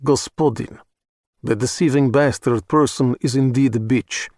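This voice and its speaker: A man putting on a menacing Russian hitman with a thick accent, speaking slowly and stiffly in broken phrases. The recording is dry and close, as in an audiobook reading. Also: mid-range voice, fairly even intonation, darkish tone, dry recording, lightly acted. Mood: stiff, pronouncing. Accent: put-on Russian. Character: menacing male Russian hitman, formal and stilted.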